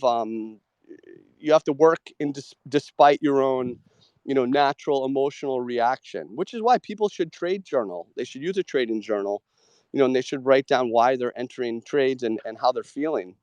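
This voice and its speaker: A man hosting a live audio show, chatting casually about trading with many "like" fillers and quick agreeing murmurs. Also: mid-range voice, lively intonation, a little mellow, no room sound.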